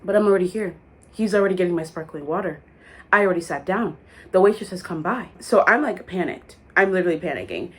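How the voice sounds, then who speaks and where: A woman's voice: lowish voice, animated, fast, breathy edge. A young woman vlogger telling a story in a casual, dramatic way, full of likes and asides. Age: young adult.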